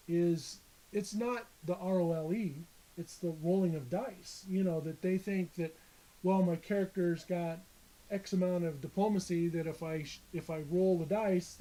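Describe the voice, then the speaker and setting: Mellow, halting dungeon master. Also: male voice, high-pitched, rough recording. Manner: halting, restarts often. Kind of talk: casual chat.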